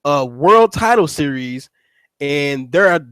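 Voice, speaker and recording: A man's voice: a little high, animated, slow pace, a bit bright, smooth, dry recording, poor audio. A man hosting a casual wrestling recap, rambling and cursing as he restarts his sentences. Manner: rambling, profane, repeats words and restarts. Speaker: wrestling show host.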